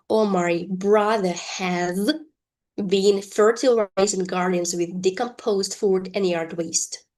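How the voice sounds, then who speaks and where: Slow, deliberate woman teacher. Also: mid-range voice. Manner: slow, deliberate reading of example sentences. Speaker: English teacher. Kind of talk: online English lesson.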